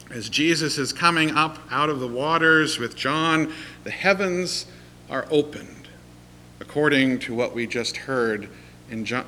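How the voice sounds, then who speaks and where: A man preaching a sermon, telling a story in a measured way and letting his voice fall at the ends of phrases. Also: a little high, pushed and bright, a little hiss or hum, rough recording. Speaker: pastor.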